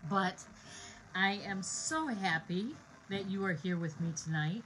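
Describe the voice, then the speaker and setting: A woman's voice: medium pitch, lively intonation, a little slow, fairly bright tone, a little hiss or hum, low-quality recording. A middle-aged woman hosting a card-making live stream from her home craft room, chatting with viewers in a bubbly, rambling way with many fillers.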